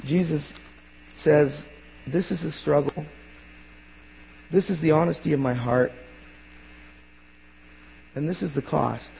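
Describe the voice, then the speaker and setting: A male pastor preaching a sermon in an earnest way, rising to emphatic bursts and dropping quiet. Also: on the high side, slow pace, vocal fry, pauses often, slight background noise. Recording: long hall reverb.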